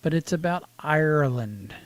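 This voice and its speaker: A man's voice: fairly high pitch, lively intonation, normal speed, no room sound, soft background music. A man co-hosting a casual podcast, chatting and throwing in dry quips. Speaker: podcast co-host.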